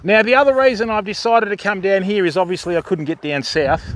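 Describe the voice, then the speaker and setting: A man's voice: sits high, brisk, slight background noise. An older Australian man hosting a fishing livestream from the beach, chatting casually and greeting viewers by name while explaining what he's doing. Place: beach outdoors.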